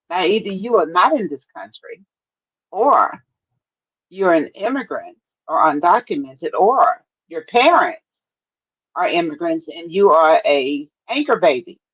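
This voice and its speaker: A woman's voice: fairly low pitch, expressive, measured pace, husky, no room sound. A woman panelist mocking a guest in a sassy way during a heated live debate, over a dull lo-fi call.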